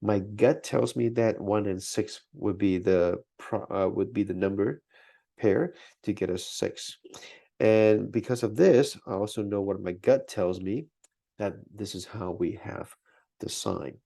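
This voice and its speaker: A man teaching math in a recorded lesson. He talks through each step aloud, checks in with "okay?", and keeps it relaxed and encouraging. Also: fairly low pitch, unhurried, vocal fry.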